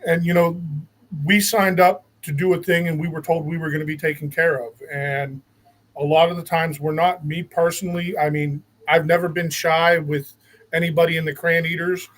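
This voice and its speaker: Earnest man, slightly high voice. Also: level tone, moderate pace, fairly bright tone, rough recording. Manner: earnest, opinionated, repeats words. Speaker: guest, veteran. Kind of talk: casual talk.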